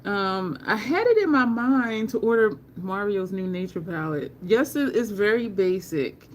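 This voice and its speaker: A woman speaks at a slow, unhurried pace, chatting casually to her livestream audience from home. Her pitch sits in a middle range for a woman, and she drifts from story to story, stopping to greet viewers by name from the live chat. A faint hum of room ambience stays behind her voice. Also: lively intonation. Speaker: makeup livestream host.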